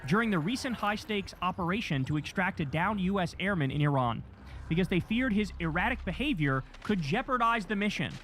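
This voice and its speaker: A man's voice: high voice, expressive, a little fast, a bit bright. A man hosting a livestream news commentary, fiery and sarcastic, swearing freely as he rants. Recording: noisy livestream audio.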